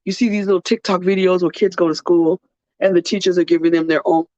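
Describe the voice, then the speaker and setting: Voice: medium pitch, fairly even intonation, quick pace, darkish tone, no room sound. A podcast host, tired and earnest, speaking in a personal heartfelt monologue and repeating phrases for weight. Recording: dull, muffled dry recording.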